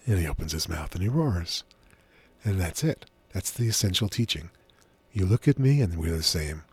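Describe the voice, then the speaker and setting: A middle-aged man speaks in a husky, slightly low voice as a guest on a radio show. He tells his stories gently and without hurry, close to a dry studio mic. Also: very animated, no room sound. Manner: gentle, unhurried storyteller. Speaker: author and spiritual teacher as guest. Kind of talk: relaxed radio interview storytelling.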